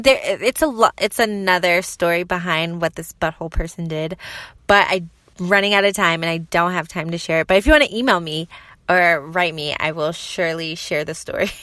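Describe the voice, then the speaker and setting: A young woman hosts her own podcast in an easy, rambling chat full of fillers. Her voice is bright and forward and sits a little low for a woman. The recording is dry and close. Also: no room sound. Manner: chatty, lots of fillers, animated when quoting people. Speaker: podcast host. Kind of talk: casual solo podcast chat.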